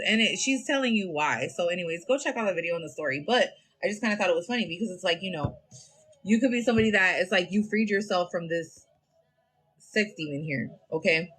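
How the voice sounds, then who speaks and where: A woman's voice: mid-range voice, fairly bright tone. A woman giving a live-stream tarot reading, talking bluntly in a profane, slangy, rambling way into her phone. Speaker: tarot reader.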